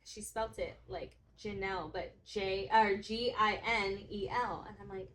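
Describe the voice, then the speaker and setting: A young adult woman, a podcast guest in casual chat, telling lively stories, laughing often and acting out the voices of others. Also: medium pitch, unhurried, hardly any pauses, slight background noise. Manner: animated storyteller, laughs often, acts out quotes.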